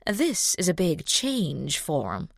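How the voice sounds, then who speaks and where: A woman's voice: fairly low pitch, wildly swooping pitch, slow pace, vocal fry, no echo, studio quality, exaggerated voice. A woman voicing an older wealthy Southern belle mother with a sweet cooing drawl and a Southern US accent.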